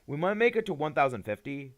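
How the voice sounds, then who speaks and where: A man's voice: on the high side, sing-song, quick pace. A tired young man chatting casually on a live game stream, rambling and hesitant, often restarting his sentences. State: tired, yawning.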